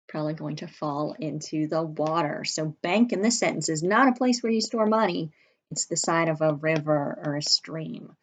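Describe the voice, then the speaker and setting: Slow, low-voiced woman teaching spelling. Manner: slow, clearly sounding out letters and words. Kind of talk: early-grade spelling lesson.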